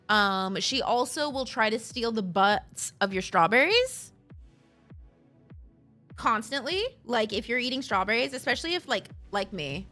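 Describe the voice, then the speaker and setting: A woman's voice: mid-range voice, bright, forceful tone. A young woman streamer from Minnesota with a slight Minnesota accent, chatting casually with viewers in a rambling, giggly way.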